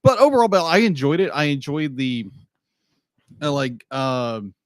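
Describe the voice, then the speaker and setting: A man's voice: fairly high pitch, animated, a little slow, dry recording, clean studio sound. Easygoing man chatting on a podcast. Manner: easygoing, filler-heavy, enthusiastic. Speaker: podcast co-host. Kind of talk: casual review chat.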